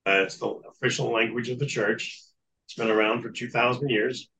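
A man telling a long story in an earnest, matter-of-fact way as an interview guest. His voice sits at a middle pitch, and faint noise hums behind him. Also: fairly even intonation, moderate pace, creaky, pushed and bright, rough recording. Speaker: guest recounting exorcism experience.

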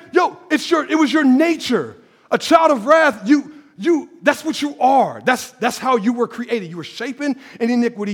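A man preaching a sermon in a church, animated and conversational, with sudden shouted bursts and casual slang. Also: extremely high pitch. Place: church sanctuary.

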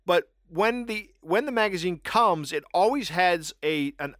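A man chatting casually on a podcast, slipping into animated, self-mocking asides as he tells stories. His voice sits a bit high for a man. The recording is dry and close. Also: unhurried, no room sound. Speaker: podcast co-host. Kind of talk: casual chat.

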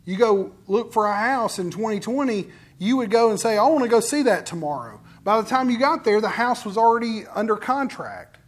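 A man's voice: high voice, normal speed, few pauses. A man preaching a sermon in a conversational storytelling way, acting out what other people say. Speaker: pastor.

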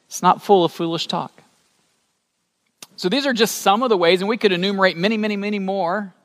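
A man preaching a sermon as a pastor, animated and rising to emphatic peaks, asking the congregation questions. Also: sits high, a little fast. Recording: long hall reverb.

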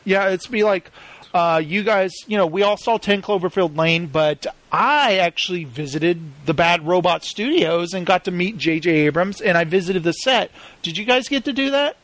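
Man, high voice, casual movie chat, rambling with fillers, dry close sound. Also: lively intonation, fairly bright tone, dry recording. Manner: rambling, heavy use of "like" fillers, quick to laugh.

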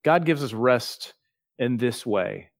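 A man preaching a sermon, earnest and plainspoken, slowing down and softening his voice for quoted prayers. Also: mid-range voice, animated, creaky, no room sound, clean studio sound. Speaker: pastor.

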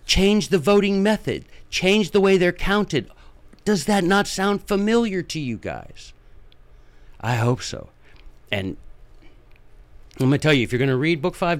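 A man giving impassioned, folksy political commentary as a podcast host, repeating his points for emphasis. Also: on the high side.

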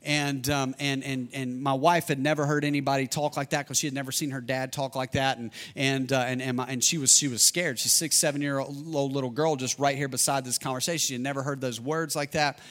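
A man's voice: mid-range voice, steady tone, a little fast, few pauses. Earnest man preaching a sermon. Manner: earnest, repeats lines for emphasis, shifts between loud and hushed. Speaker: pastor.

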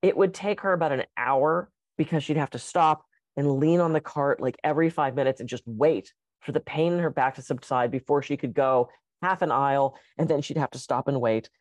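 A woman co-hosting a casual podcast chat as a coach, telling stories and acting out quotes with lively energy. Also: sits low, brisk, no room sound. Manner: animated storyteller, acts out quotes.

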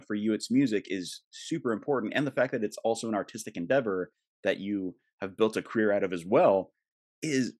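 Animated male podcast host, dry sound. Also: on the low side, no echo. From Colorado. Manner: lively, encouraging, animated. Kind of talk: casual interview chat.

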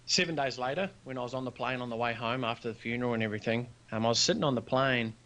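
A man's voice: mid-range voice, racing. A man, a business founder telling a personal story as a podcast guest, earnest and acting out the dialogue. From New Zealand. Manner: earnest, animated storyteller who acts out quoted dialogue.

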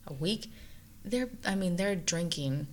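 A woman in her thirties with a somewhat low voice tells her story in casual conversation. She gets animated and lifts her voice sharply when she quotes herself or others. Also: measured pace, a little hiss or hum. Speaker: guest mother sharing experience. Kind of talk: casual conversational podcast chat.

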